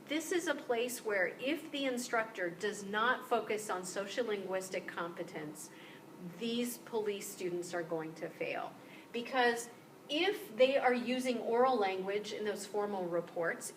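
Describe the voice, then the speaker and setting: A woman instructor giving a recorded lecture, explaining clearly and slowing down to model example sentences. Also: on the high side, a little hiss or hum, low-quality recording. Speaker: university instructor. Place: room with motion-sensor lights.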